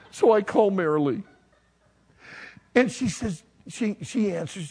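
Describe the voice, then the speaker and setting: A man preaching, telling a funny personal story with self-mockery and bursts of shouting and laughter. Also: high-pitched, measured pace, pauses often, breathy edge. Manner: animated, self-mocking storyteller who shouts and laughs at the climax. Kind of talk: storytelling sermon. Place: hall with a live audience.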